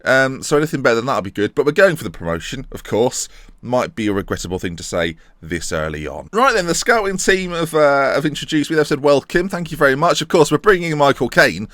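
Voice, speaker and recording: A man's voice: medium pitch, a bit bright, no echo, studio quality. A man giving casual, jokey commentary on a video game, reading the game's text aloud and muttering asides. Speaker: gaming YouTuber. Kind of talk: casual let's-play commentary.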